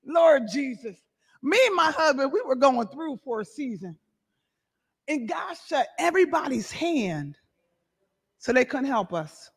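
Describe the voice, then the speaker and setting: High-voiced woman preaching in a big echoey church. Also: very animated, unhurried, pauses often. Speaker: apostle and pastor. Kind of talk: sermon with personal testimony. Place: church sanctuary. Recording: reverberant hall.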